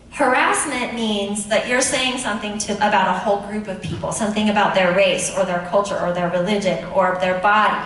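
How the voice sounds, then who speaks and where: A woman's voice: medium pitch, fairly bright tone. A woman principal talking to students at a school assembly, friendly and instructive, often asking the kids questions. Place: large echoey school room. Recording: very echoey room, speaker far from mic, faint noise.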